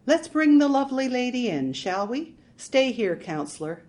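A woman's voice: on the high side, sing-song, normal speed, a little mellow, voice pushed up. A woman voicing a brash, flirtatious male police detective in a story reading. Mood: cocky teasing. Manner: cocky, teasing.

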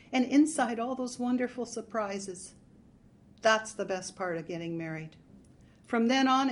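A woman's voice: medium pitch, natural voice. A woman voicing a bitter, sarcastic middle-aged housewife in an audiobook story, talking in an exasperated, sardonic way.

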